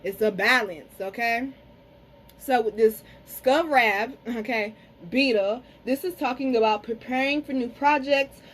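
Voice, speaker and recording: A woman's voice: on the high side, a little hiss or hum, low-quality recording. Chatty, salty-mouthed woman reading cards. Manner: frank, chatty, curses freely, addresses viewers as y'all; slows down to pronounce some words carefully. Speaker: tarot and spiritual reader. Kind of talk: casual card reading to camera.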